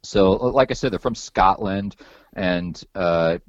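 A man's voice: low voice, measured pace, dry recording, lo-fi sound. A man hosting a podcast in casual chat, rambling and loose with some swearing and many repeated words. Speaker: podcast host.

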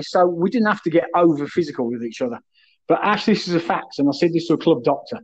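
Man, middle-aged, blunt sweary storyteller, fairly high voice, muffled lo-fi sound. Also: lively intonation, fast talker, a little mellow, breathy edge. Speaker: podcast guest, former footballer. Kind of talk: casual storytelling chat. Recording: muffled lo-fi audio.

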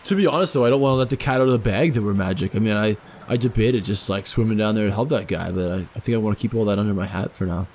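A man playing in a tabletop role-playing game, speaking in a casual, easygoing and slightly halting way. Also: on the low side, a little mellow. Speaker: player.

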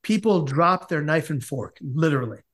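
A man's voice: fairly high pitch, expressive, moderate pace, a bit bright. A man, a podcast guest, telling a long comic story in casual conversation and acting out the quotes as he goes.

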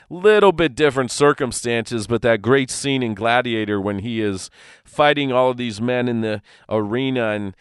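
A man's voice: mid-range voice, a bit bright, clear, resonant tone, no echo, studio quality. A man teaching from the Bible on a podcast, earnest and conversational, with frequent restarts.

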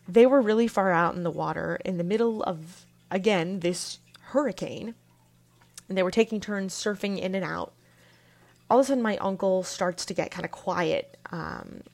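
A young woman hosting her own podcast, telling a family story in a casual, lively way. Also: medium pitch. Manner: casual, animated storytelling with laughs. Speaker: podcast host.

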